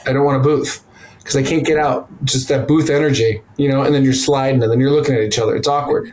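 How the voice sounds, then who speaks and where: A man's voice: mid-range voice, steady tone, fast talker, darkish tone, slight background noise, poor audio. A man who is a stand-up comedian, chatting casually as a podcast guest and telling loose, rambling stories with blunt profanity.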